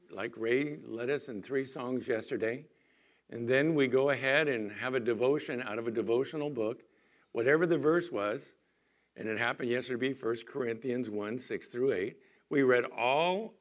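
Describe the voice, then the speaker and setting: A middle-aged man giving a sermon as a pastor, moving between quiet talk and loud, emphatic pleading. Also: medium pitch.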